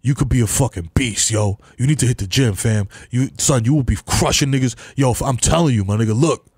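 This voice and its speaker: A man's voice: medium pitch, a little fast, husky, no room sound, clean studio sound, pitched below the performer's own voice. A man imitating a gym-obsessed buddy who keeps urging him to lift, in hyped street slang. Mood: pushy. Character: pushy gym-obsessed young male buddy.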